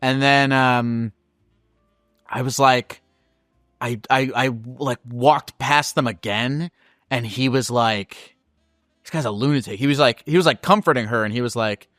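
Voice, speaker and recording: A man hosts a call-in advice show and talks loosely, stumbling and restarting while he swears casually. His voice is smooth and clear at a middle pitch. It sounds dry, with no room echo. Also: measured pace, a bit bright, faint music behind.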